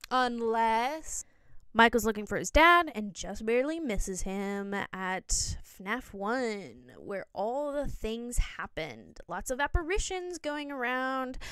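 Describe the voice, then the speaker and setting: A young woman talks through a game theory into her phone at home, rambling and correcting herself, tossing in jokey asides. Her voice is smooth and crisp and sits a little high, and the sound is dry and close. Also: dry recording. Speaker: video essay host. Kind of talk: casual rambling explainer.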